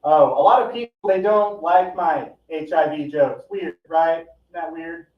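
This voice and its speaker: A man doing a stand-up set at a live comedy event, with a deadpan, profane, rambling delivery. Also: on the high side, measured pace. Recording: echoey, distant, dull live recording.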